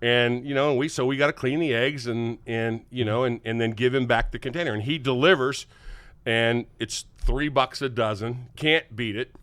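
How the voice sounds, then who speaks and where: An older man, hosting a podcast and telling an animated, laughing story. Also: mid-range voice, moderate pace, no echo. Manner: animated, laughing, acts out quotes. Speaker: podcast host. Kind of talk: casual storytelling chat.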